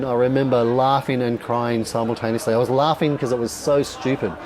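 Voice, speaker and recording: A middle-aged man with an Australian accent, giving a raw, candid personal talk at a dinner event, swearing often and pausing with fillers. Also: mid-range voice, darkish tone, low-quality recording.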